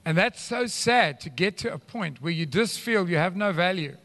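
Animated preacher in a hall. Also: male voice, high voice, normal speed. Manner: animated, rambling asides, swings between loud and hushed. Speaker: pastor. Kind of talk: sermon. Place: church hall. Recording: live church hall reverb.

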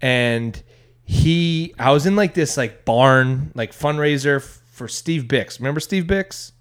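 A young man tells a comedy story in a loose, rambling way. He restarts his sentences often and now and then breaks into loud, shouted impressions of people. His voice sits at a middle pitch. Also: a little slow, clean tone. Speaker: stand-up comedian, podcast co-host. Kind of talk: casual storytelling chat.

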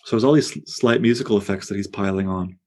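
A man with a lowish, slightly mellow voice speaks fast as he leads a poetry seminar. He reads verse aloud with obvious relish and taps out the meter while explaining it to the group.

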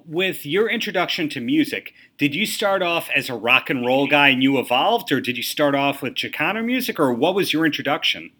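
A man hosting a podcast, asking measured, long interview questions. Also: fairly high pitch, animated, bright, forceful tone, breathy edge. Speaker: podcast host.

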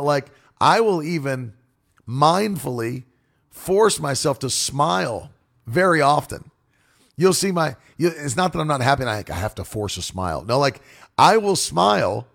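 A man who preaches and broadcasts, talking casually to his audience in a forceful, demonstrative, animated way. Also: fairly high pitch, gravelly. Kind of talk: casual monologue.

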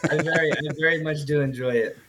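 A man's voice: a little high, steady tone, quick pace, a bit bright. A teenage man answering interview questions earnestly, often restarting and repeating his words. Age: teens. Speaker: guest athlete.

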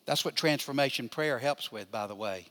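A man's voice: medium pitch, moderate pace, bright, forceful tone. An older man, a pastor, teaching a Bible class in a conversational way, putting questions to his listeners and answering them. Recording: long hall reverb.

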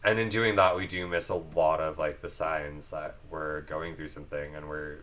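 A man with a very low voice talks earnestly in a relaxed podcast conversation. He leans on fillers and restarts his sentences often. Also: moderate pace. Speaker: podcast guest. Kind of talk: casual chat.

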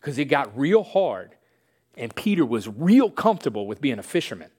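A man's voice: sing-song, normal speed, darkish tone, husky. A middle-aged man preaching a sermon in a conversational, emphatic way, often asking "right?" and acting out the quoted voices. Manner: acts out quoted voices with big jumps in pitch and volume. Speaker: pastor.

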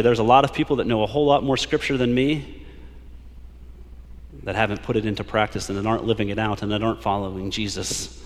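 Man preaching in a reverberant church. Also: medium pitch. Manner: preaching with rising emphasis, drawn-out scripture quotes. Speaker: pastor. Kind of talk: sermon. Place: church sanctuary.

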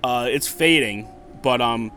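A man's voice: medium pitch, unhurried, sharp tone, soft background music. A man in his thirties co-hosting a casual podcast, telling a story with lots of laughter, swearing and acted-out quotes. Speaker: podcast co-host.

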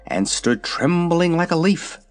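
Brief: male audiobook narrator, lively melodic reading of a children's story. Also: fairly high pitch, a little slow.

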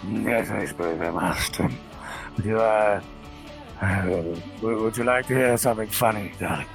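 A man voicing a sly, crude male demon who drawls in an oily, gravelly voice. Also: lowish voice, measured pace, over music, pitched below the performer's own voice. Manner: oily, drawling, calls people darling and mate.

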